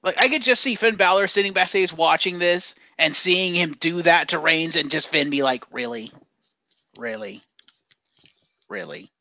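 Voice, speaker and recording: Sarcastic ranting man, bright voice. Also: sits high, normal speed, few pauses, no echo, poor audio. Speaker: podcast co-host. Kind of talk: casual wrestling chat.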